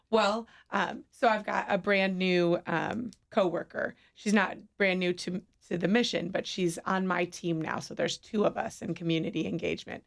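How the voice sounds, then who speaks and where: A woman's voice: on the low side, steady tone, measured pace, gravelly. A woman guest on a radio show, chatting candidly and laughing at herself. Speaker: radio guest from a city mission. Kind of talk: casual radio chat. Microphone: studio microphone.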